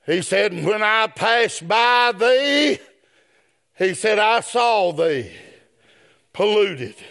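A man preaching a sermon, swinging from shouted chanted phrases down to low spoken asides. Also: expressive, drawn-out words, gravelly.

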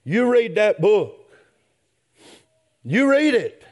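High, swooping preacher man. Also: big pitch swings, slow pace, pauses often. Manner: chanted preaching that swells into shouted peaks; repeats "my friend" and "yes, sir" as refrains. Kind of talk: sermon.

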